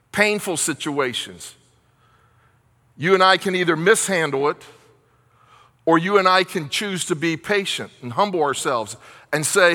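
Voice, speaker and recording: A man's voice: high voice, sharp tone, in a large hall. A man preaching a sermon as pastor, earnest and repetitive, asking rhetorical questions.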